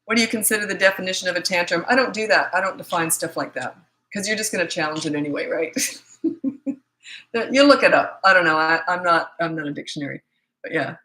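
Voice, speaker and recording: A woman's voice: lowish voice, quick pace, pushed and bright, low-quality recording. A middle-aged woman from Canada, a parenting coach, answering viewer questions in a casual, blunt, matter-of-fact livestream chat.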